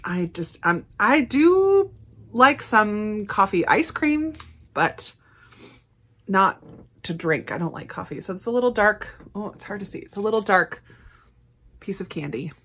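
A woman chatting casually as she unboxes and tastes snacks, upbeat and quick to laugh. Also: medium pitch, big pitch swings, fairly bright tone, a little hiss or hum. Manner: chatty, enthusiastic, frequent laughs. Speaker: snack reviewer. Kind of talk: casual unboxing and tasting vlog.

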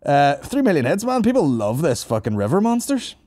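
A man's voice: a little high, huge pitch swings, brisk, mellow, no echo, clean studio sound. A man hosting a comedy podcast, rambling and swearing as he jokes crudely with his co-host.

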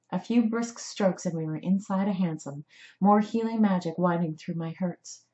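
A woman reads her own novel aloud in a measured, dramatic way. Her voice sits on the low side. The recording sounds somewhat dull. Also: dark tone, echoey room. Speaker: author reading her book. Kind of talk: audiobook narration.

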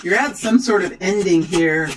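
Excitable tarot reader calling out cards. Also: medium pitch, moderate pace, rough recording. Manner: excitable, exclaims and gushes. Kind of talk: tarot reading to camera.

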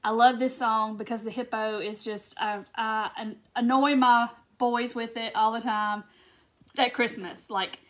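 A woman chats through a live crafting stream, her voice sitting high and bright. She talks loosely and warmly to viewers, drawing out words and greeting them one by one. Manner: chatty, drawn-out Southern "y'all" talk, greets viewers by name. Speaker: crafting livestream host. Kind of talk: casual live crafting chat. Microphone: phone or camera mic on a livestream.

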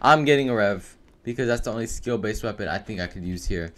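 A man giving live gameplay commentary for his video, excitable and full of profane trash talk. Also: on the low side, fast talker. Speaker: gaming video creator.

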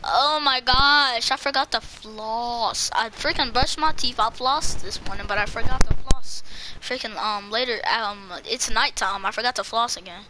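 Giggly female streamer, slightly high voice, rambles at chat over a noisy line with clicks. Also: normal speed, hardly any pauses, sharp tone. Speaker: livestreamer. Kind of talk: casual livestream chat reacting to viewers.

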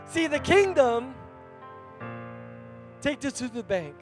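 A male pastor preaching a sermon in a church, animated and conversational, calling out to the congregation. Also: very high voice, slow, music in the background.

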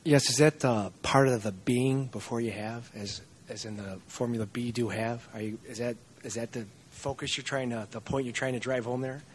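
A man in a seminar audience asking a halting question, restarting his sentence several times. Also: mid-range voice, steady tone, a little hiss or hum.

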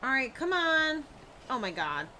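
A woman's voice: high voice, very animated, unhurried. A woman streamer commenting live on a horror game, flustered, exclaiming and swearing often. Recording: live stream audio with background noise.

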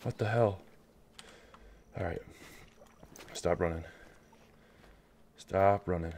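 A man commentating a hunting game as he plays, nervous and excitable, swearing and swinging between hushed muttering and loud outbursts. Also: low-pitched, slow, slight background noise. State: nervous, shaking. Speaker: gamer playing a hunting game. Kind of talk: live gameplay commentary.

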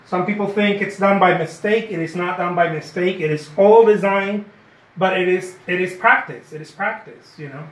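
A man's voice: high-pitched, moderate pace. A man giving a live painting lesson, chatty and encouraging, repeating his points and often asking "okay?". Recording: roomy echo.

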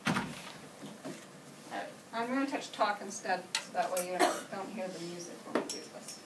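Walking a class of kids through an app step by step, a teacher explains things in a cheerful manner. She has a mid-range voice and a moderate pace. The recording comes from a distant camera in a noisy, echoing classroom.

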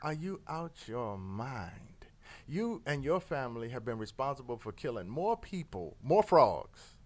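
A man's voice: mid-range voice, big pitch swings, a little slow, pitched below the performer's own voice. A man voicing a wary, streetwise male frog who talks bluntly in slang. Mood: incredulous.

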